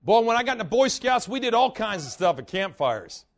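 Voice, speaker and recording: A man preaching a sermon with a notably high voice for a man. He tells folksy stories in an animated, laughing way, and his voice swings between loud outbursts and quiet asides. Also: brisk, vocal fry.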